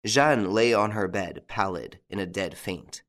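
A man narrating a mystery novel in measured, dramatic scripted narration. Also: lowish voice, a bit bright. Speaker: audiobook narrator.

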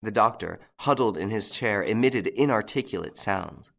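Low-voiced man narrating a mystery. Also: normal speed, vocal fry, a bit bright. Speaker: audiobook narrator. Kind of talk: scripted narration.

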